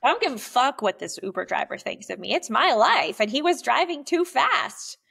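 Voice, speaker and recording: A woman's voice: fairly high pitch, sing-song, normal speed, creaky, bright, forceful tone, slightly rough. A woman guest on an interview podcast, talking candidly and animatedly, swearing freely and acting out what people said. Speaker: podcast guest, poet and coach. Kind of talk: casual conversational interview. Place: lives in a small coastal town in California.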